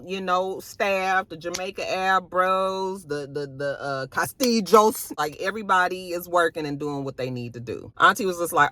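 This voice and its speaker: A woman's voice: on the low side, a bit bright, no echo. A woman recapping a TV episode in casual, profane, slangy chat, acting out the characters' lines with big jumps in voice. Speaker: TV recap vlogger.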